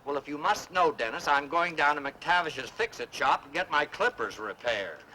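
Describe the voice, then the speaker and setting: An actor playing a short-tempered, pompous older neighbor in a 1960s sitcom. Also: male voice, a little high, lively intonation, moderate pace, bright, forceful tone, slight background noise, rough recording. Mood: exasperated. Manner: exasperated, pompous.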